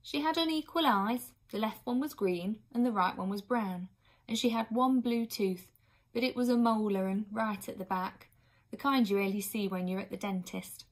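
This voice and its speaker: A woman in a mid-range voice reads a children's book expressively, occasionally stopping to speak directly to her audience.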